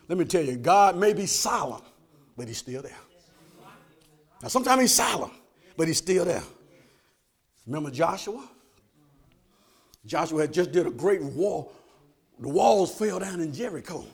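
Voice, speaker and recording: A pastor in full flow, his voice pitched high for a man and leaping all over its range. He throws out "amen?" to the congregation and drops to near-whispers before building back up to shouts. Delivery rooted in a style. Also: vocal fry, slightly rough. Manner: call-and-response preaching, asks "amen?" often, swings from soft to shouted. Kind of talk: sermon.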